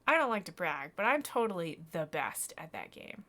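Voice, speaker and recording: A woman voicing an eager, excitable young boy at a carnival, talking him up loud and boastful as she reads a game's lines aloud. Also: fairly low pitch, moderate pace.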